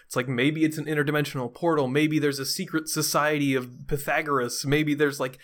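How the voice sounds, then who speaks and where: A man's voice: a little high, steady tone, a little fast, a bit bright. A man chatting casually about a film, talking loosely with constant fillers and frequent laughs.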